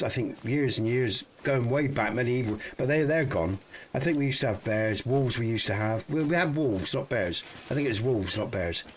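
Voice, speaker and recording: A man's voice: medium pitch, a little hiss or hum. A middle-aged man from the UK chatting casually and bluntly while streaming a hunting game, swearing freely and rambling as he thinks aloud. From United Kingdom.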